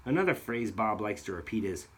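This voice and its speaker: A man's voice: fairly low pitch, sing-song, fairly quick, a bit bright, husky. A man narrating a video in an accusatory, sarcastic tone. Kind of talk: scripted narration.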